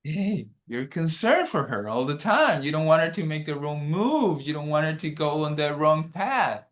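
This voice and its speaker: A man's voice: fairly high pitch, very animated. A man teaching a dharma workshop over a video call, guiding the group through an exercise and checking in often. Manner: unhurried, checks in often with "okay?".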